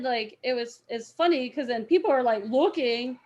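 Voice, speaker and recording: A young woman telling a story as an interview guest, acting out the quoted people with loud outbursts and laughter. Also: on the high side, moderate pace, hardly any pauses.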